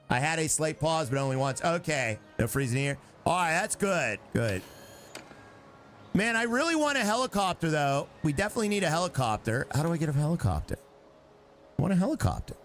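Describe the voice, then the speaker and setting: At medium pitch, a live streamer commentates his gameplay as it happens. He's excitable and talkative, reacting out loud and chatting with his viewers while he plays.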